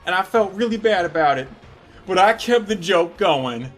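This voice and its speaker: A man with a notably high voice tells a comic story, swearing freely and letting his loudness jump up and down as each joke builds. His delivery is animated throughout. Faint music plays in the background. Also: normal speed. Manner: profane, animated, building jokes with sudden shifts in loudness. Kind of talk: comedic storytelling monologue.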